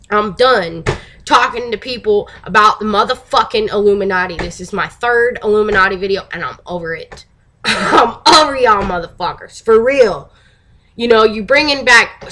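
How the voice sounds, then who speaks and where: A woman vlogger ranting to her camera in a profane, animated way, laughing often and swinging between loud outbursts and near-whispers. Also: on the high side. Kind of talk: casual rant to camera.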